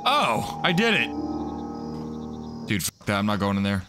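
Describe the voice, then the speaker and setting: A man's voice: lowish voice, wildly swooping pitch, normal speed, music in the background. A young man commentating a horror game as he plays, cursing constantly and yelping when startled. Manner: profane, jumpy, screams at jump scares. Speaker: gaming youtuber.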